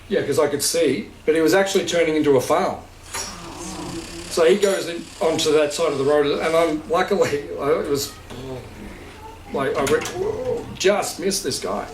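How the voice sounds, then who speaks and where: A man's voice: on the high side, moderate pace. Man teaching from across an echoey room. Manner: conversational, checks understanding with questions, laughs easily. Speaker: spiritual teacher. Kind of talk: informal talk to a gathering. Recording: echoey room, distant mic, faint hiss.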